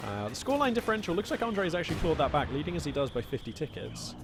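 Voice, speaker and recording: A man casting a strategy game match with chatty, playful play-by-play and quick excited reactions. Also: fairly high pitch, over loud music. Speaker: video game caster. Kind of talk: live play-by-play game commentary. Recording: loud game gunfire and vehicles behind.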